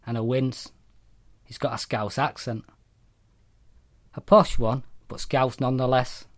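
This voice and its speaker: A Mancunian man reads his own short story aloud in a blunt, wry, deadpan manner, swearing freely. His voice sits at a middling pitch for a man. The recording is dry and close, with no room sound. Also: measured pace, no room sound. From Manchester, England.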